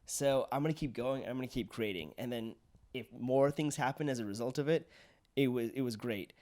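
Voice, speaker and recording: A man's voice: mid-range voice, a little fast, a little mellow. A young adult man, a podcast host and actor, talking in an upbeat, agreeable way with frequent yeahs. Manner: upbeat and agreeable, lots of "yeah". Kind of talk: casual interview chat.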